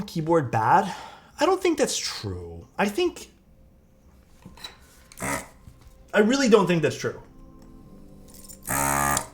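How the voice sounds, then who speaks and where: A man's voice: fairly high pitch, a little hiss or hum. Chatty young man live-streaming a build. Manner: chatty, answers chat while working, loose filler-heavy talk. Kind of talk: casual live-stream chat. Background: faint music.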